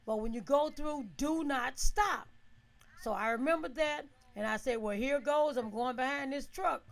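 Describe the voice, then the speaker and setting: Woman, casual storytelling, high voice, gravelly edge, animated, often laughs. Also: normal speed. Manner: animated, laughs often, asks listeners "right?"; acts out her own shouts and quotes.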